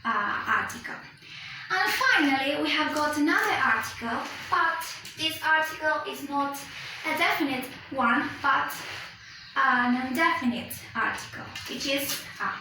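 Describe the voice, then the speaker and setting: A woman whose first language is Spanish walks through a pronunciation lesson slowly, pausing to check understanding and fixing her own slips. Her high, bright voice sounds from a distance. It rings through a very echoey room with faint background noise. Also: lively intonation. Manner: slow and deliberate, checking with "okay?", self-corrects. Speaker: English pronunciation teacher. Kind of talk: recorded lesson explanation.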